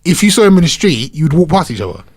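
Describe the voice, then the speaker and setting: A man's voice: a little high, sing-song, fast, slightly rough, dry recording, studio quality. A man co-hosting a podcast, chatting casually and bantering with plenty of laughs. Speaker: podcast co-host. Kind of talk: casual chat.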